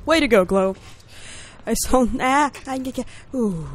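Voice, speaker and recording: A woman hosting a let's play video, reacting excitably and talking to the character on screen. Background hum runs through the noisy recording. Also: on the high side, slow. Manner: excitable, talks to the game character, yells in panic. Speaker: gaming video host.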